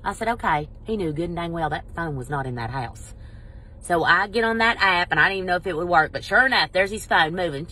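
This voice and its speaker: A middle-aged woman telling a story in a casual vlog, animated and exasperated. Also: on the low side, fast talker, slightly rough. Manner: animated, exasperated, quotes people in voices. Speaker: vlogger.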